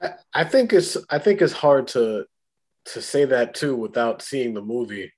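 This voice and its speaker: Halting man, slightly husky. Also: medium pitch, expressive, a little mellow. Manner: hesitant, halting, filler-heavy. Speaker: podcast co-host. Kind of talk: casual chat.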